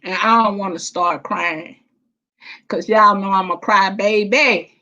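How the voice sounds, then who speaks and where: Slow-talking woman hosting a livestream. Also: mid-range voice. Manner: warm, affectionate, drawn-out and emotional, calling viewers baby and child. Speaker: livestream host. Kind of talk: casual livestream chat. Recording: dull lo-fi stream audio.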